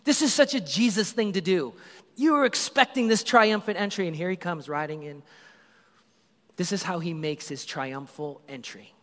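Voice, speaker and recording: High-voiced animated preacher in a hall. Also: male voice, normal speed. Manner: animated storytelling, acts out crowd voices. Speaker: pastor. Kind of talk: sermon.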